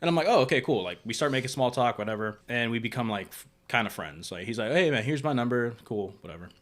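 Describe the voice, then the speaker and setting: A young man chats casually as a podcast host. His voice sits a little low, and he tells his story with energy, acting out each side of the conversation. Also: fast. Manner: animated storyteller, acts out both sides of dialogue. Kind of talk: casual chat.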